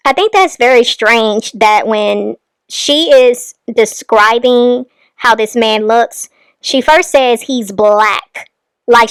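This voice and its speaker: A woman host picks apart a clip in pointed, critical commentary, speaking with deliberate emphasis. Her voice sits a little high. The sound is dry and close to the mic. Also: clear, resonant tone, no room sound.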